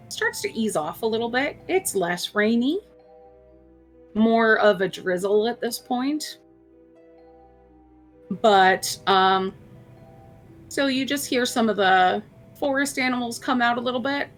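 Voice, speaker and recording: A woman running a tabletop game as game master, narrating unhurriedly with small fillers. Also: on the high side. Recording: faint music behind.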